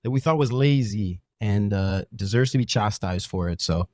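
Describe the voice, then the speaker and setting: A man co-hosting a casual film review podcast, joking and animated with casual profanity. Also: on the low side, moderate pace, no room sound, studio quality. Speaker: podcast co-host.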